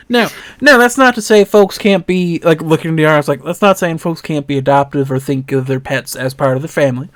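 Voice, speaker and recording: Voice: mid-range voice, fairly quick, natural voice. A game master voicing a cheerful, folksy female creature who runs the stables and talks in a country drawl. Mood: teasing. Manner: drawling country talk, affectionate. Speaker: stable keeper.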